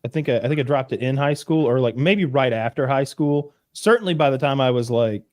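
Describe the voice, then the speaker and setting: A man from the southern United States tells stories in a loose, rambling way. He swears freely, stops and restarts his sentences, and keeps going in a mid-pitched, everyday voice. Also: fairly quick, a little mellow. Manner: rambling storyteller, profane, full of restarts. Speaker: podcast co-host. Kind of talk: casual chat.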